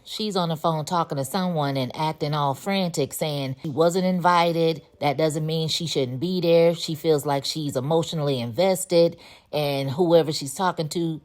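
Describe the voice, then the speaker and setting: Low-voiced woman recapping a show chattily. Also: moderate pace, darkish tone. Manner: chatty storytelling with sassy asides. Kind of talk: casual spoken episode recap.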